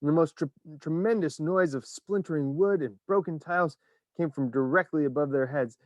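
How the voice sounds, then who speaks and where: A man narrating a children's story in an expressive, animated reading. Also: fairly high pitch, normal speed, no room sound, clean studio sound.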